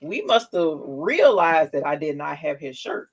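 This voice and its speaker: A woman's voice: low voice, big pitch swings, unhurried, husky, poor audio. Chatty grandmother telling a story. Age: older. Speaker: rhinestone crafter hosting a live stream. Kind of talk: casual live craft demo with storytelling.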